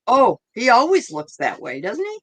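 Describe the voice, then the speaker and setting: Bright lively woman chatting. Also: a little high, breathy edge, no room sound. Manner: hesitant, agreeable, quick to laugh along. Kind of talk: casual chat.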